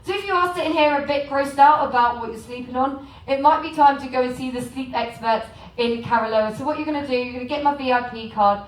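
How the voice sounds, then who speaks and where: Chatty English woman pitching to a crowd. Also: quick pace, reverberant, distant mic, rough recording. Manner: chatty, joking, asks the crowd questions. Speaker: cruise port shopping presenter. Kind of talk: live sales talk to an audience. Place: large room on a cruise ship.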